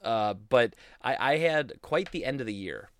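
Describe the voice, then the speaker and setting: A man's voice: mid-range voice, animated, measured pace, no echo. A young man hosting a casual solo podcast, rambling in a goofy, self-deprecating way into a studio mic. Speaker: podcast host.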